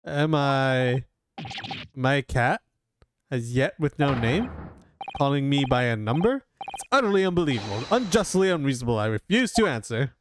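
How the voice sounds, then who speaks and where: A man's voice: medium pitch, expressive, moderate pace, noisy background, pitched below the performer's own voice, close to an everyday voice. A man voicing a theatrical young Japanese poet held in a prison cell, speaking in florid, alliterative outbursts while reading game dialogue aloud. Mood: indignant.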